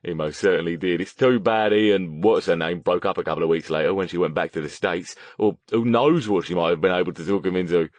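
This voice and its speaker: A man's voice: low-pitched, fast, few pauses, darkish tone, no echo, lightly acted. Man doing a boisterous joker. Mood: chummy. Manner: boisterous, laughing, gossipy. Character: boisterous male mate, jokey and loud.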